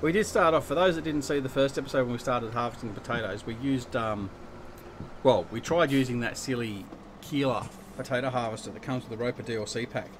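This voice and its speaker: A man's voice: medium pitch, fairly quick, noisy background. An Australian man hosting a live gaming stream, chatting and joking with viewers as he plays. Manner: chatty and joking, reading out chat and answering viewers. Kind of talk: casual live-stream chat while gaming.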